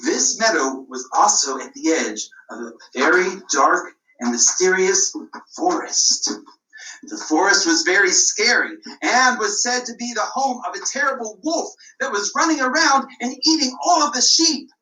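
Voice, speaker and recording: A woman puppeteer narrating a children's story in a slow, expressive, sing-song way. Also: mid-range voice. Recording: roomy, mic at a distance.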